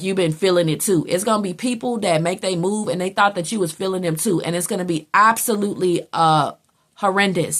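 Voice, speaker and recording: A woman giving a casual tarot reading, blunt and chatty, who swears freely and acts out what other people say. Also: fairly low pitch. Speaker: tarot reader.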